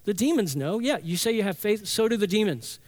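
Man, pastor, sermon, fairly high voice, earnest, emphatic repetition. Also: expressive, fairly quick, a little mellow. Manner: earnest, emphatic, builds with repeated phrases.

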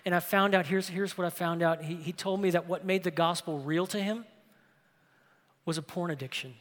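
Male pastor, bright forceful tone, dramatic sermon delivery in a big reverberant sanctuary. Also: high voice, normal speed. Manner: impassioned preaching, swinging from loud to hushed. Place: large church sanctuary. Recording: long reverb of a large hall.

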